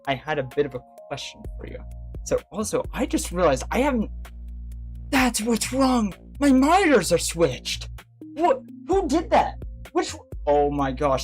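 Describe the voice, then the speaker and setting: A livestream host chatting casually with viewers, rambling with many fillers and restarts and laughing often. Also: medium pitch. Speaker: livestream host talking to chat. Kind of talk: casual chat.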